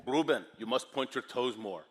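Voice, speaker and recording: A man's voice: mid-range voice, animated, normal speed, fairly bright tone, in a large hall, pitched below the performer's own voice. A man putting on the Austrian-accented voice of his tough, towering male luge coach, giving clipped orders. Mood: commanding. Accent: Austrian German, put on. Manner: clipped, commanding, barking orders.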